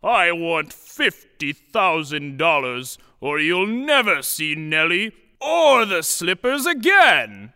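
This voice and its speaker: A man voicing a greedy outlaw who yells his demands slowly. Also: a little high, big pitch swings, clear, resonant tone, no room sound, clean studio sound, long reverb tail, exaggerated voice. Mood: threatening. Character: male outlaw villain, greedy and threatening.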